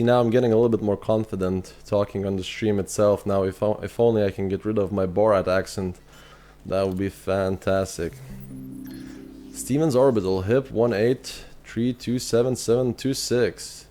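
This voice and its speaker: A man's voice: on the low side, steady tone, moderate pace, warm tone, soft background music. A man with an Irish accent chatting casually on a game live stream, answering viewers and thinking aloud with fillers. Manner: reads chat messages aloud and answers viewers.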